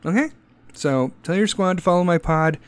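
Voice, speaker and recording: A man's voice: sits high, moderate pace, clear, resonant tone. Profane rambling man ranting on a podcast. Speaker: podcast host. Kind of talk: casual solo podcast rant. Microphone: podcast microphone, pop filter.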